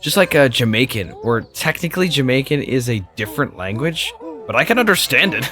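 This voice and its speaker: Young man, co-host, lively swinging pitch, swearing, casual game chat. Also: brisk, faint music behind. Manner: animated, swearing. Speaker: gaming co-host.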